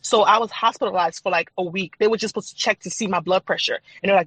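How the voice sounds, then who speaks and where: A woman's voice: mid-range voice, quick pace, a bit bright, breathy edge, no echo, rough recording. A woman guest on a podcast, a faith and trauma coach, telling her personal story in an earnest, candid, chatty way. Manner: earnest, candid, chatty with frequent fillers and laughs.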